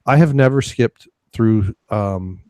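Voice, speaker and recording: A man's voice: fairly low pitch, slow, darkish tone, no room sound. A man hosting a casual podcast chat, rambling with lots of fillers and restarts. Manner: rambling, many fillers and restarts, laughs often. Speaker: podcast host.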